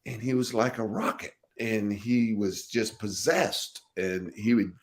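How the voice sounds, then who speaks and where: Lowish-voiced older man telling stories. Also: a little slow. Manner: laughing, animated anecdotes with acted quotes. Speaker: former pro football linebacker, guest. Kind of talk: casual interview storytelling.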